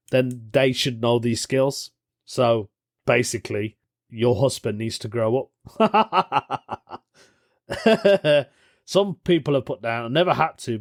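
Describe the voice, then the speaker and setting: A man's voice: medium pitch, no room sound, studio quality. A man hosting a podcast in a casual chat, jokey and rambling, laughing often at his own asides. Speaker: podcast host.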